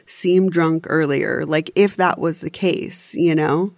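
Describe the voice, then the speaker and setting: A woman's voice: deep voice, steady tone, slow, gravelly, darkish tone, no echo, studio quality. A woman co-hosting a podcast, recapping a true-crime documentary in casual, chatty detail. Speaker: podcast co-host.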